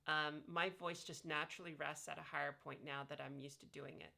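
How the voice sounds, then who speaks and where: Woman, low pitch, bright tone, casual instructional vlog, lots of ums, demonstrating vowels. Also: fairly even intonation, a little fast, vocal fry. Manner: explains by demonstrating vowel sounds, many fillers. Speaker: vlogger sharing voice training tips. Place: lying on her back.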